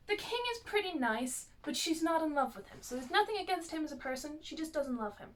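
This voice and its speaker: A woman with a high voice talks through a story in a loose, chatty recap. She keeps reaching for fillers and restarts as she goes. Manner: chatty, uses lots of fillers. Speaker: youtuber. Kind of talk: casual plot recap.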